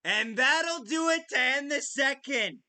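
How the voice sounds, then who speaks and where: High, bright-voiced excitable hockey commentator. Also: female voice, a little slow. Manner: excitable, swears freely, shouts goal calls. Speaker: podcast host. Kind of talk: casual live game commentary.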